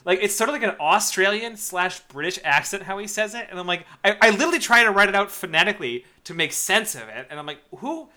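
High bright-voiced guy on a movie podcast, swears a lot, laughs mid-sentence. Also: quick pace, few pauses. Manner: animated, swears freely, laughs while talking. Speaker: podcast co-host. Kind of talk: casual movie-review chat.

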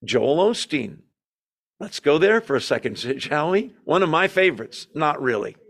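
A man's voice: a little high, big pitch swings, moderate pace, a bit bright. A man teaching an evening Bible study, reading verses aloud with emphasis and putting rhetorical questions to the room. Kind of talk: sermon-style Bible teaching. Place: church room.

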